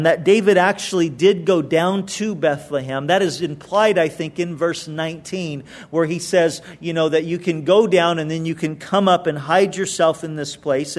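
A male pastor reading scripture aloud and explaining it in a conversational sermon, with emphatic retellings. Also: high-pitched.

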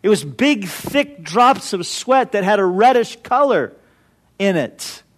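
Man, pastor, impassioned sermon, fairly high voice, repeats phrases for emphasis. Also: big pitch swings, slow, slight background noise. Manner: earnest, impassioned preaching with repetition.

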